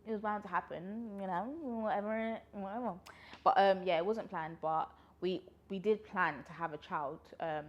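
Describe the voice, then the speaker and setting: Laughing frequently and a bit short of breath, a woman in her 20s from London, UK, vlogs casually through pregnancy questions and answers. Her pitch is medium and her speed normal, captured on lo-fi audio.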